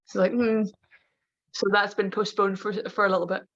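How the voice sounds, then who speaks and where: A woman's voice: mid-range voice, level tone, moderate pace, a bit bright, highs cut off. A woman wrestler, a podcast guest, telling stories in casual chat and laughing often.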